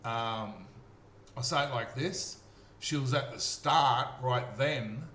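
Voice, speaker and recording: A man's voice: mid-range voice, takes it slowly, sharp tone. Earnest Australian man in a roomy echo. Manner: earnest, repetitive, checks in with "okay?". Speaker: storyteller. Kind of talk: rambling personal testimony. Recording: roomy echo, faint noise.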